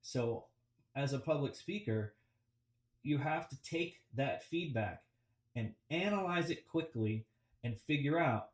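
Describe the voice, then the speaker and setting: A man gives a relaxed, reflective coaching talk about public speaking on a video call, often pausing with ums and restarting his sentences. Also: medium pitch. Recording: roomy and distant from the mic.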